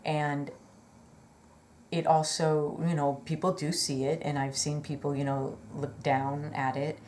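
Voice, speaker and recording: A woman's voice: deep voice, level tone, unhurried, darkish tone, slight background noise. A woman telling a personal story in a chatty, rambling way, earnest and full of fillers and apologetic asides. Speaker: vlogger.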